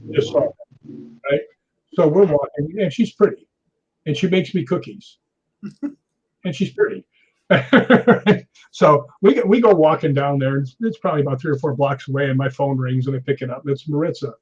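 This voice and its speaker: A middle-aged man telling a ghost story in a casual interview, animated, often tagging his lines with "right?". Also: on the high side, normal speed, husky. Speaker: guest. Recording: dull lo-fi audio.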